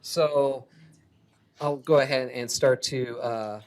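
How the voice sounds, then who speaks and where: A man giving a keynote talk as a comic artist, lively and chatty, laughing often. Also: mid-range voice, takes it slowly. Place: conference hall stage.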